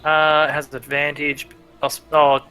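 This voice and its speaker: A man narrating as game master in a relaxed livestreamed tabletop game, thinking aloud with easy fillers. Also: on the high side, normal speed, faint music behind, rough recording. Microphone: livestream microphone.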